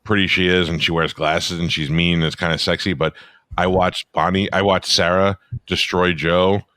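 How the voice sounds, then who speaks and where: Man, very low voice, dry close sound, blunt crude teasing, comedy podcast co-host. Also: level tone, moderate pace, a bit bright, dry recording. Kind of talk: casual comedy podcast banter.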